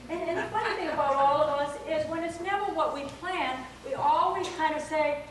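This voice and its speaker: A woman's voice: high-pitched, brisk, few pauses, a little hiss or hum. Far-off woman preaching in an echoey church. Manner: lively, playful, acts out quoted voices. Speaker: minister. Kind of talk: sermon. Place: church sanctuary.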